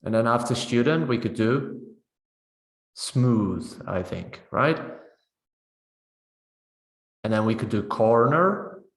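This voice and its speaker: A man's voice: medium pitch, lively intonation, takes it slowly, pauses often, roomy sound. A man leading a teacher-training session on pronunciation, explaining step by step and often checking in with "right?". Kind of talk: webinar teaching demonstration.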